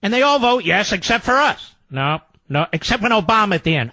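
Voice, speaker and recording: A man's voice: sits high, big pitch swings, a little fast, pushed and bright, dry recording. A man hosting a political talk radio show, delivering a sarcastic, mocking monologue.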